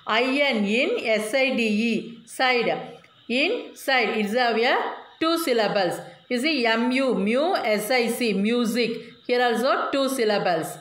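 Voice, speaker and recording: A woman's voice: fairly high pitch, a little slow, reverberant. A woman teacher giving a class lesson, patiently spelling words out letter by letter and often checking in with the children. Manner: frequent tag questions to children.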